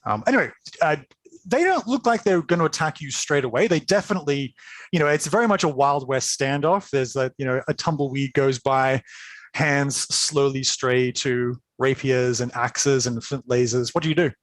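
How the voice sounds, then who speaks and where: A man's voice: mid-range voice, moderate pace, no echo. A man as game master, narrating a tabletop game in an enthusiastic, chatty way, full of fillers.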